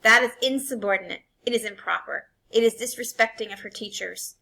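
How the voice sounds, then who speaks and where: A woman's voice: mid-range voice, normal speed, lightly acted. A woman voicing an angry older immigrant father who speaks in broken English. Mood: furious. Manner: broken English, shouting in fury.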